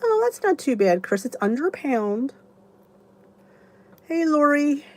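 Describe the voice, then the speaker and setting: A chatty woman in her fifties hosts a casual live stream and answers viewers by name. Her voice sits a little high, and she rambles along with plenty of restarts. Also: sing-song, a little slow. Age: 50s. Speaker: YouTube channel host.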